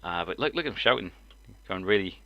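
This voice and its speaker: A man's voice: sits low, expressive, a little fast, no room sound, dull audio. A man, a live-stream host, chatting casually, rambling and breaking into laughter often. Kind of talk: casual chat.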